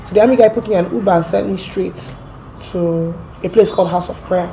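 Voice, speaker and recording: A woman with an American accent, from Port Harcourt, telling her story as an interview guest in a lively, animated way. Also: on the low side, a little fast, creaky, slight background noise. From Port Harcourt, Nigeria. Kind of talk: casual storytelling.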